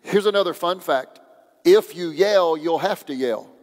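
A man's voice: fairly high pitch, a little slow, a little mellow. A man preaching a sermon as pastor, in a conversational, joking way. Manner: conversational, joking, acts out quoted voices. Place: church sanctuary. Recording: long church hall reverb.

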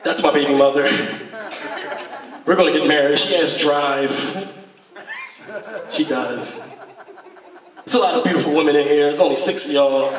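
A man performing a stand-up comedy set, animated and profane, often laughing as he talks. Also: a little high, moderate pace, long pauses. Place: room at a recovery meeting. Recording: echoey room, distant mic, crowd laughter. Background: audience laughter.

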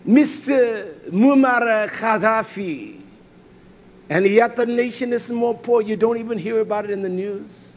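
A male preacher giving a fiery sermon, swinging between loud outbursts and low muttering, repeating phrases and crying hallelujah. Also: a little slow, a little hiss or hum.

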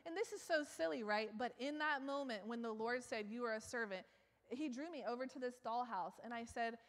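A woman preaches in a chatty, self-mocking way, laughing often and rising to loud exclaims. Her voice sits a little high. Long church hall reverb trails after each phrase. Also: a little fast. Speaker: guest preacher. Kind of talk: sermon. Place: church sanctuary.

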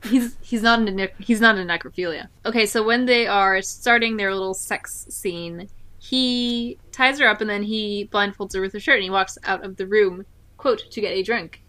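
A woman with a medium-pitched voice co-hosts a casual book-discussion podcast. She is sarcastic and reads passages aloud with mock drama. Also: fairly even intonation, moderate pace, bright, forceful tone. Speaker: podcast co-host.

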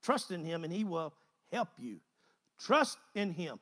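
A man's voice: a little high, sing-song, measured pace, a bit bright. A man preaching a conversational sermon, folksy and repeating phrases in driving bursts.

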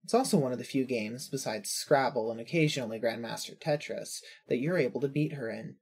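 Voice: medium pitch, fairly quick, breathy edge. A narrator reading second-person fanfiction in a wry, observant way.

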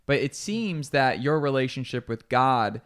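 A man hosting a casual podcast interview, speaking in a relaxed, reflective way with frequent restarts. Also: medium pitch, a little slow. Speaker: podcast host.

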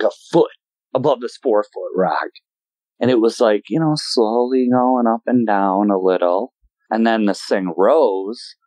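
A man in his forties from Wisconsin, a guest telling his story in an animated, emotional way and acting out voices in sudden high bursts. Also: no room sound, rough recording. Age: 40s. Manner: emotional, voice shaking at times. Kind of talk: casual storytelling.

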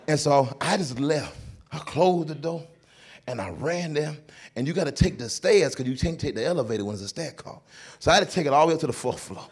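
Animated husky-voiced comedian. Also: male voice, medium pitch. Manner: animated, acts out every voice in his story. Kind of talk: storytelling stand-up comedy at a church. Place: church stage before a live audience.

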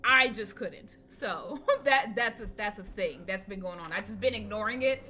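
A woman's voice: mid-range voice, moderate pace, bright, forceful tone, a little hiss or hum. A young woman streaming a horror game, chatting casually with viewers, swearing, repeating herself and laughing often. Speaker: gaming streamer. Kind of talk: casual live-stream commentary. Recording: game music behind voice.

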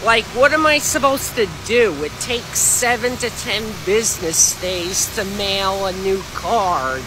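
A man playing a deadpan young character who talks very slowly and flatly in a comedy clip. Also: high-pitched, noisy background. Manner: very slow, flat delivery.

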